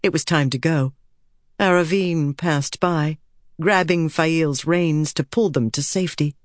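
An audiobook narrator reading a fantasy story in a measured, steady way and voicing its characters. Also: mid-range voice, no echo, studio quality. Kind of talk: scripted narration.

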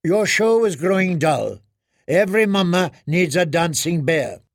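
Tyrion: a man doing a wry, gravelly dwarf. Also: high voice, lively intonation, unhurried, dry recording, pitched above the performer's own voice. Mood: sardonic. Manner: dry, mocking. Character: sardonic grown male dwarf, sharp-tongued.

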